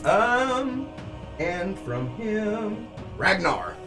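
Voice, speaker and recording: A man narrating a tabletop game as game master in a descriptive, relaxed way. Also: high voice, very slow, music in the background.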